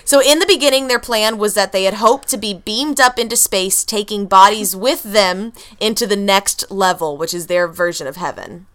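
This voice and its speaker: A woman's voice: medium pitch, normal speed, hardly any pauses, a bit bright. A woman hosting a podcast, casually talking through researched notes about a cult's history, often laughing between facts. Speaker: podcast host telling a true story. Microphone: computer mic at home.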